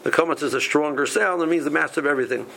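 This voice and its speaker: Halting man teaching a Torah class. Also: fairly high pitch, gravelly, bright, forceful tone, slight background noise, poor audio. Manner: halting, many restarts and repeated words. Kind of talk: halachic lesson.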